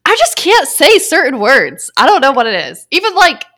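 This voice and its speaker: A woman's voice: high-pitched, huge pitch swings, normal speed, bright, forceful tone. A young woman co-hosting a casual podcast, chatting in a laid-back, self-deprecating way. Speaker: podcast co-host. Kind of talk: casual chat about perfume.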